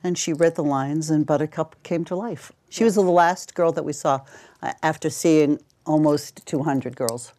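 A woman's voice: low voice, moderate pace, dark tone. An older woman, a casting director, chatting through anecdotes in an interview and acting out bits of dialogue. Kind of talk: interview storytelling.

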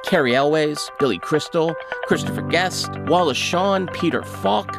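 A man's voice: fairly high pitch, unhurried, creaky, music in the background. A man narrating a film featurette in an enthusiastic, gushing way. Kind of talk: scripted narration.

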